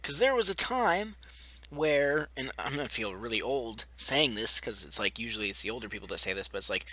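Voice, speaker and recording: A man's voice: mid-range voice, expressive, brisk, bright, forceful tone, no room sound. A young man delivering a blunt, profane, sarcastic rant to camera as a vlogger, often mocking the people he argues against. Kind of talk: ranting commentary to camera.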